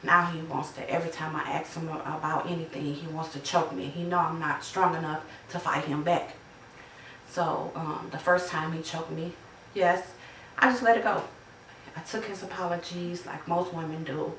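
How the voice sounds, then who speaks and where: A woman's voice: low-pitched, a bit bright, echoey room, far from the mic, slight background noise, poor audio. A woman, telling her own story in a conversational way, full of fillers and quoted dialogue. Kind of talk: personal testimony.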